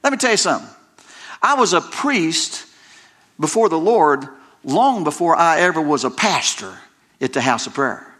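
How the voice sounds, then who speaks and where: A man's voice: on the high side, very animated, normal speed, a bit bright. A middle-aged male pastor preaching a sermon, emphatic and folksy, repeating phrases and breaking into conversational asides.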